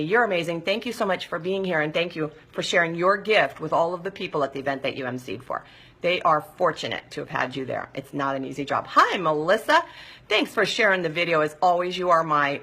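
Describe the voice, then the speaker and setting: Bright-toned woman hosting a live stream. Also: mid-range voice, husky. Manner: warm, effusive and encouraging toward viewers. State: hot and sweaty, sighing. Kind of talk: live-stream chat reading viewer comments.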